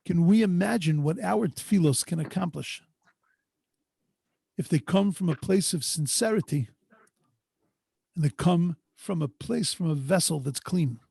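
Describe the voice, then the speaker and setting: A man, a rabbi, teaching a Torah class over a video call in an earnest, drawn-out way, sprinkled with Hebrew and Yiddish terms. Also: a little high, gravelly, mellow, husky, dry recording. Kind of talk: storytelling Torah lesson. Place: home online video call. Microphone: video call microphone.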